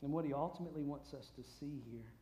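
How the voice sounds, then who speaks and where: A man preaching a sermon, swinging from booming shouts to hushed asides. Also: fast talker. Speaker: pastor. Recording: roomy echo.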